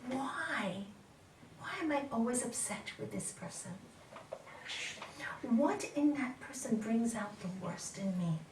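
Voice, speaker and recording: Middle-aged woman, yoga teacher, lively spiritual talk, higher voice, heard from a distance in a roomy hall. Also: takes it slowly, long pauses, slight background noise. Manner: animated, asks questions, laughs often. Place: lecture hall.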